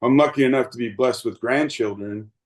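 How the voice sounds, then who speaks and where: A man's voice: mid-range voice, brisk, a little mellow, rough recording. Earnest fifty-something man telling stories. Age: 50s. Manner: earnest, rambling, lots of fillers and restarts. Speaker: guest, baseball umpire. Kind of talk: reflective storytelling interview.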